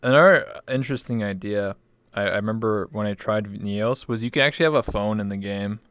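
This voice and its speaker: A man's voice: lowish voice, brisk, a bit bright, smooth, no room sound. A man hosting a casual interview, laid-back and swearing freely. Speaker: host.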